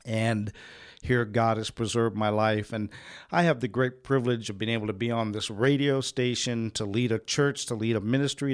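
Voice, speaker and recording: A man, a pastor and radio host, giving an earnest personal testimony with humorous asides in a radio studio. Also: medium pitch.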